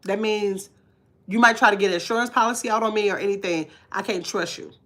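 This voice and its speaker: A woman's voice: medium pitch, fairly quick, fairly bright tone. A woman vlogging live to her chat in casual talk, blunt and emphatic, repeating her points.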